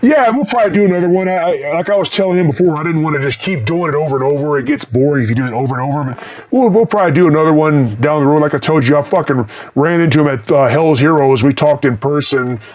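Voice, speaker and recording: A man from Texas with a light regional accent, his voice run through a cheap voice changer and sitting a little high. He rambles through viewer questions in a blunt, foul-mouthed, offhand way. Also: fast talker, darkish tone. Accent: mild Texas. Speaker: band frontman answering viewer questions. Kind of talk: casual question-and-answer chat.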